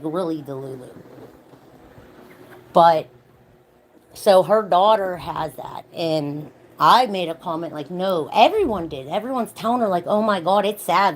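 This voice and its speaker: Young woman vlogger going off in a heated sweary rant, faint background noise. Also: mid-range voice. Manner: heated, profane, ranting. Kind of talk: ranting commentary vlog.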